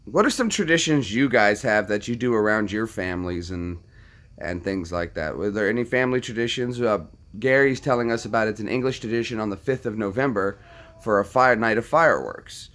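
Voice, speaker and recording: A man with a lowish, fairly bright voice hosts a casual chat at a brisk pace. He rambles to his viewers, full of anecdotes and repeating himself.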